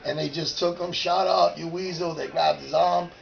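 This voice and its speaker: A man in his fifties with a gravelly, fry-heavy voice that sits a little high. He tells a rough street tale in profane, animated casual talk. The audio is dull and lo-fi, with faint music behind him. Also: normal speed. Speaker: former graffiti writer. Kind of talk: casual storytelling.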